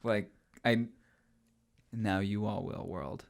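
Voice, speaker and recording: A man's voice: on the low side, takes it slowly, gravelly. A man co-hosting a film podcast in casual chat, talkative and hesitant, often slipping into playful quoted voices. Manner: chatty, hesitant with fillers, breaks into playful voices. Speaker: podcast co-host. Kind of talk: casual chat about films.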